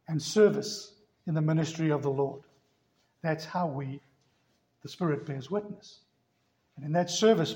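A man's voice: fairly high pitch, darkish tone. A man preaching a sermon as pastor, telling stories with emphatic, rising delivery. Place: church.

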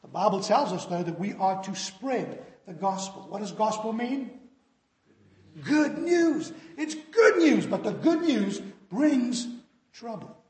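A man's voice: high-pitched, lively intonation, slow. A man preaching a sermon as pastor, telling a joke with animation and then pressing his points with emphasis. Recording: echoey reverberant hall.

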